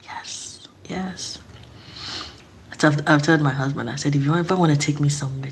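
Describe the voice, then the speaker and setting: A woman's voice: deep voice, steady tone, moderate pace, slight background noise. A young woman from Nigeria chatting casually with her live-stream audience, laughing often and repeating herself.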